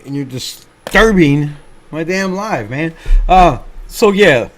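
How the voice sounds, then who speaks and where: A fan channel livestream host with a slightly high, fairly bright voice speaks slowly but animatedly. He reads viewer comments aloud and chats in an easygoing manner, cursing and making fun of himself.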